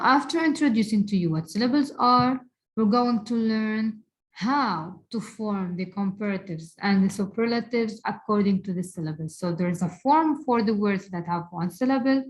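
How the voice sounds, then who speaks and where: In a recorded English grammar lesson, a woman whose first language is Arabic repeats words slowly and deliberately for her students. Her voice is medium in pitch, and the recording quality is low.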